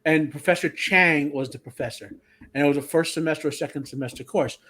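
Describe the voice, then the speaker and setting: A man's voice: on the high side, a little fast, bright, forceful tone. A man with an engineering degree, talking casually on a panel and explaining things with many restarts. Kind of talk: casual chat.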